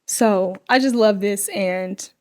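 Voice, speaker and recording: A woman's voice: medium pitch, slow pace, a little mellow. A young adult woman hosting a casual faith podcast, effusive and emotional, sometimes dropping to a whisper. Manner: emotional, effusive, drops to whispers when moved. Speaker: podcast host.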